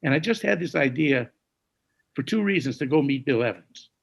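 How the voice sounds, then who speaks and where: A man in his sixties telling stories as a jazz musician in an interview, dropping to a hush when he quotes others and scatting tunes now and then. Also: on the high side, animated, moderate pace, low-quality recording. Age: 60s. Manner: gravelly, hushed when quoting others, scats melodies. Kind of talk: conversational storytelling.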